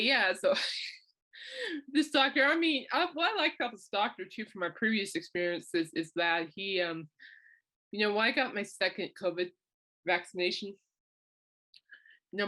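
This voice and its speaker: A middle-aged podcast host with a fairly low, fairly bright voice chats through a personal story in a casual monologue. She laughs often and acts out what other people said.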